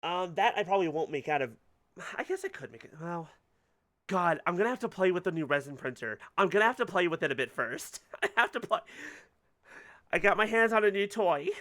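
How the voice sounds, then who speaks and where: A chatty game streamer talking through a playthrough, wandering off topic and laughing easily. The voice swings up and down a lot and sounds bright. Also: mid-range voice, expressive, fairly quick. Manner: chatty, rambling, laughs often. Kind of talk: casual let's-play commentary.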